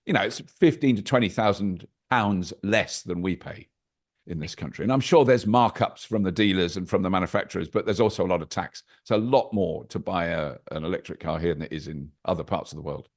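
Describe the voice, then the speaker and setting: An older man speaks on a video call in a fairly low voice. He chats casually, full of anecdotes and dry, wry asides. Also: brisk. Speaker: podcast guest. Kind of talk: casual interview chat.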